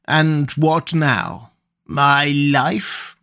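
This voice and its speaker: A cunning priest, voiced by a male reader, calm and unhurried. His lines come slow and measured, with a cool, knowing edge. It is a storybook reading, lightly characterized. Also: fairly high pitch, vocal fry, full character voice.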